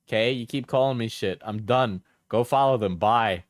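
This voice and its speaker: A man's voice: medium pitch, normal speed, few pauses, no echo, studio quality. A man streaming casual commentary with sarcastic, laughing asides.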